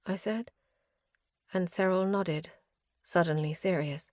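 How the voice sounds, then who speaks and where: A woman's voice: mid-range voice, measured pace, darkish tone, no echo, clean studio sound. A woman narrating a first-person fantasy audiobook in an earnest, grief-heavy tone.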